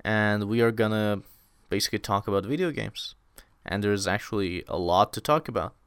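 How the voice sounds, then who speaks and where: A man's voice: fairly low pitch, normal speed, fairly bright tone, smooth, dry recording, studio quality. A young man hosting a casual solo podcast, talking with enthusiasm and rambling, repeating words for emphasis. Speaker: podcast host.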